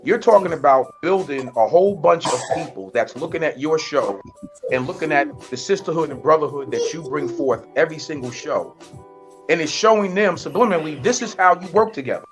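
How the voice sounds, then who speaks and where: A man guesting on a talk show, speaking slowly and earnestly with emphatic praise. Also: on the high side, expressive, soft background music.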